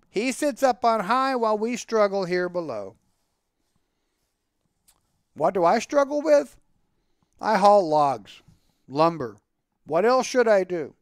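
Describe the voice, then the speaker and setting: A man reading a story aloud with expressive storytelling. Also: high-pitched, clear, resonant tone, no room sound, studio quality. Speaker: story reader.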